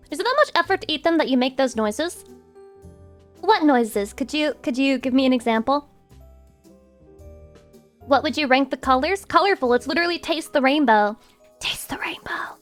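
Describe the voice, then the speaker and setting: A young woman with a high voice chats casually with her stream viewers, playful and teasing. She breaks now and then into sudden squeaky outbursts. Faint music plays behind her. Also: fairly bright tone. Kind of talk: casual chat reacting to viewers.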